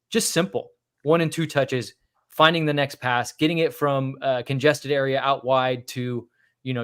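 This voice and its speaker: A man co-hosting a casual postgame podcast, his voice sitting in an ordinary middle register. He talks at an easy pace, thinking aloud and filling pauses with "um" and "uh.". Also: mid-range voice, a bit bright, smooth. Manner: easygoing, thinks aloud with fillers. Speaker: podcast co-host.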